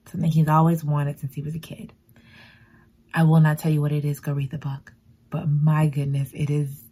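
Book reviewer: a woman with a lowish voice, chatty and emotional, exclaiming as she retells the story. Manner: expressive and emotional, exclaiming and talking back to the story. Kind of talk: casual book recap.

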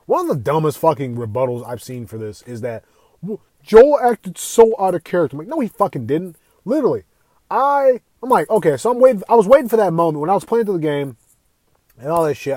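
A young man hosting a casual gaming podcast, talking in an excitable, profane, rambling way. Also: fairly high pitch, no echo. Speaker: podcast host.

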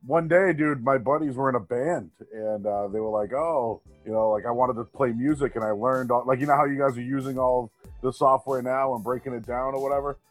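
A man with a Boston accent tells his story in a relaxed, slangy podcast chat. The voice sits mid-pitch, recorded dry and close with faint music behind. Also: fairly quick, hardly any pauses, no echo. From Boston area. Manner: storytelling, laid-back, says dude and man a lot. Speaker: sports radio host, guest.

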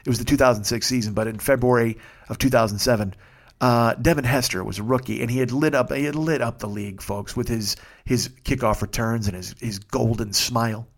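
A man hosting a podcast, from the Chicago area, telling a casual, profane story that swells loud when he gets excited. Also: medium pitch, a little fast. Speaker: podcast host.

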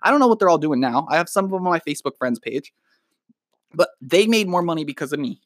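A young man talks straight at the listener in a swearing, emphatic motivational rant, calling them dude. His voice sits a little higher than most men's. The recording is dry and close, with no room sound. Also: expressive, fast, no room sound. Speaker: podcast host. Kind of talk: motivational monologue.

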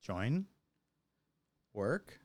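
A man hosting a casual live-streamed podcast, chatty and excitable, laughing often. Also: medium pitch, extremely slow, no echo. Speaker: podcast host. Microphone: phone or computer mic on a live stream.

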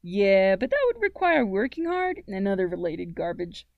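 A woman's voice: medium pitch, very animated, normal speed, vocal fry, dry recording, narrow, tinny audio. Woman reading as an easygoing teenage boy. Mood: casual. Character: teenage boy, easygoing and teasing best friend.

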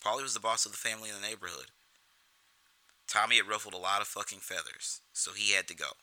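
A man's voice: fairly low pitch, fairly even intonation, quick pace, bright, forceful tone, dry recording, rough recording. A man giving casual film commentary in a profane, rambling way, often restarting his sentences.

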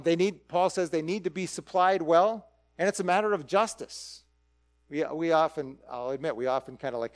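A man preaching a conversational sermon, animated and full of rhetorical questions. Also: fairly high pitch. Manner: animated, asks rhetorical questions, acts out quick quoted voices.

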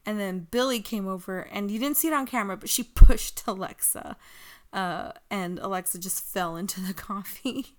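A woman's voice: mid-range voice, normal speed. A woman co-hosting a podcast in casual chat. She laughs often and rambles, with lots of "like" and restarts. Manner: giggly, rambling, full of "like" and restarts. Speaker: podcast co-host. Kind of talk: casual chat recapping wrestling.

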